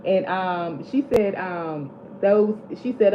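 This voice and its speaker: Speaking slowly and with few pauses, this vlog host chats casually in a mid-range voice while animatedly recounting movie scenes. The audio is lo-fi and a bit dull, carrying a faint background hiss.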